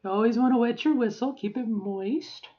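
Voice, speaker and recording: A woman's voice: on the high side, normal speed, lo-fi sound. A middle-aged woman talking casually in a voice-training vlog, rambling and often checking in with "okay?". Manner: rambling, keeps adding "okay?". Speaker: vlogger.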